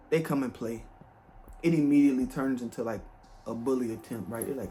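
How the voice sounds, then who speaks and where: A young man telling a personal story in a casual, animated, slangy way, speaking directly to his viewers. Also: mid-range voice, quick pace, soft background music. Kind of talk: storytime vlog.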